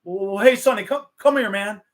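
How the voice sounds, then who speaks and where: Man doing a moody impression of a famous singer, drawling "man" a lot, higher and louder. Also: moderate pace, close to an everyday voice. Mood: gentle. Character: a famous singer as a moody, hot-tempered star.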